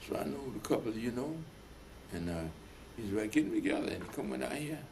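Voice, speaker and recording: A man's voice: medium pitch, expressive, brisk, gravelly, a little mellow, slight background noise. An older man in an oral history interview, telling stories at length and acting out the voices of the people in them. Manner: rambling, retells dialogue in voices. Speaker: veteran being interviewed.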